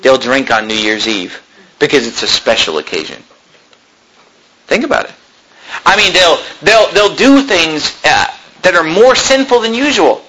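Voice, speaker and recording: A middle-aged man preaching a sermon, reading scripture aloud and swinging between loud emphatic peaks and low asides. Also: very animated, measured pace, pauses often, rough recording. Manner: reads scripture aloud in King James wording. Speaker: pastor.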